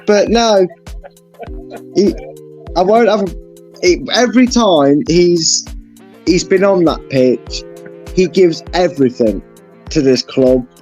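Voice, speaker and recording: A man's voice: high voice, takes it slowly, pauses often, a little mellow, highs cut off, faint music behind. A man rating football players on a fan channel, gushing and emotional, stumbling over his words. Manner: gushing, emotional, with frequent restarts. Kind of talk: casual chat.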